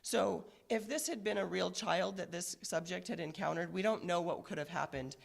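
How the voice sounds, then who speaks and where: Hoarse woman police commander. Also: on the low side. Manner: measured, earnest, with frequent fillers. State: hoarse, recovering from illness. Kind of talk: press conference statement.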